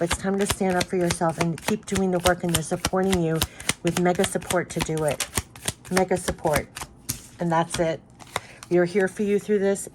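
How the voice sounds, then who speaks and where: A woman with a fairly low voice gives a spiritual card reading to her viewers. She talks earnestly and effusively, circling back to the same reassuring messages. Faint background noise sits under her voice. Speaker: tarot card reader.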